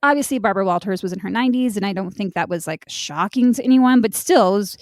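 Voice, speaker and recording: A woman's voice: medium pitch, fast, no room sound, studio quality. A woman co-hosting a podcast in laid-back, chatty conversation with casual swearing. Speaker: podcast co-host. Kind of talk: casual chat.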